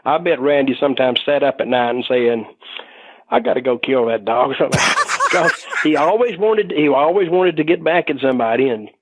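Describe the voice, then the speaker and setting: A man's voice: on the high side, lively intonation, normal speed. An older man casually telling a rambling anecdote, swearing freely and chuckling as he goes. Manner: rambling, salty, chuckling storyteller. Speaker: storytelling guest. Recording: noisy background.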